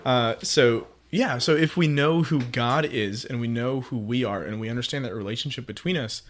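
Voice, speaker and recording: A man co-hosting a faith podcast, talking in a relaxed, affirming way. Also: mid-range voice, normal speed. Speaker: podcast co-host. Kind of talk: casual faith podcast chat.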